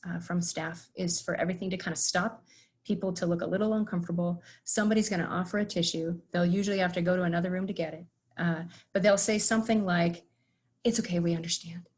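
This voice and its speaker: A woman's voice: lowish voice, darkish tone, breathy edge. A woman giving an earnest conversational webinar presentation, with frequent filler words as she talks through her slides. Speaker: webinar presenter on patient communication. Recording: webinar audio.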